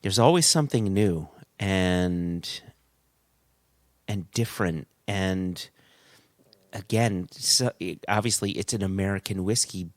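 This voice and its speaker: A middle-aged man co-hosting a podcast in casual chat, telling stories in an animated way and laughing at himself. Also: deep voice, slow pace, no echo, studio quality. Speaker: podcast co-host.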